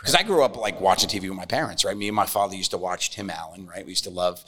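A man's voice: low-pitched, fast, fairly bright tone. A man guesting on a podcast, chatting casually and acting out other people's voices in his stories. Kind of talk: casual storytelling chat.

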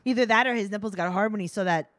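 A woman's voice: medium pitch, very fast, a bit bright, no echo. Sarcastic woman recapping reality TV. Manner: sarcastic, acts out voices of people on the show. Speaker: podcast co-host. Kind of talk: casual chat recapping reality TV.

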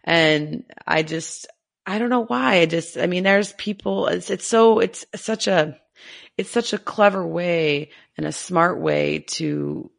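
A woman co-hosting a casual podcast, talking in an emotional, halting way as she gets teary. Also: on the low side, vocal fry. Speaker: podcast co-host.

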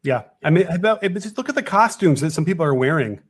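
Halting, musing podcast host. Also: male voice, on the high side, expressive, breathy edge. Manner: halting, musing, thinks out loud. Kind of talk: casual political podcast chat.

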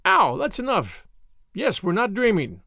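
A man voicing an eager, chatty young woman with a bubbly, excitable manner. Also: sits high, unhurried, creaky, dry recording, clean studio sound, pitched above the performer's own voice, exaggerated voice. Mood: excited.

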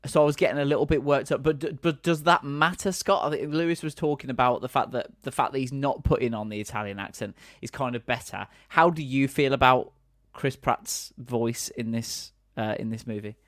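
A man's voice: medium pitch, a little fast, a bit bright, dry recording, studio quality. A man hosting a casual podcast chat, chatty and reading out viewer comments. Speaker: podcast host.

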